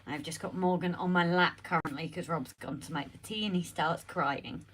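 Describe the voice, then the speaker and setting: A woman hosting a casual home live stream, chatty and greeting viewers by name, her voice slightly croaky as she recovers from being ill, talking into a phone on a holder. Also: fairly low pitch, moderate pace, a bit bright. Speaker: livestream host.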